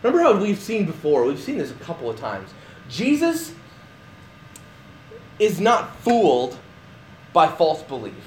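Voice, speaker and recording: Male pastor, high-pitched, casual preaching style with quick restarts; faint noise in a church. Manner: conversational preaching with restarts and lively acted quotes. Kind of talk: sermon.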